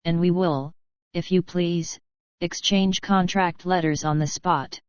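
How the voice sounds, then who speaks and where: A woman voicing a brisk, decisive wealthy American man in an audiobook. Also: lowish voice, fairly even intonation, clean tone, dry recording, highs cut off. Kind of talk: audiobook narration.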